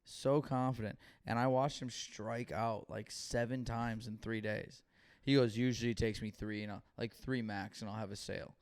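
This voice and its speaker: A man's voice: lowish voice, fairly even intonation, normal speed, smooth. A young man co-hosting a podcast, telling stories in casual chat with lots of swearing and acted-out dialogue. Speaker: podcast co-host.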